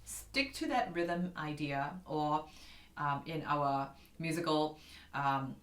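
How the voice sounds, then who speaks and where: Her voice low and her pace slow, a woman teaches a casual online keyboard lesson. Recorded in an echoey room with a piano, she chats with viewers as "guys" and scats out rhythms.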